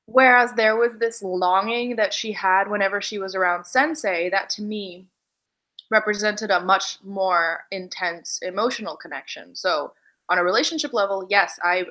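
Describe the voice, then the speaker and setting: A woman in casual chat on a remote call, talking animatedly and acting out characters' lines in quick bursts. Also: low-quality recording. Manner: animated, acts out characters' lines with big pitch jumps. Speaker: podcast co-host discussing a book.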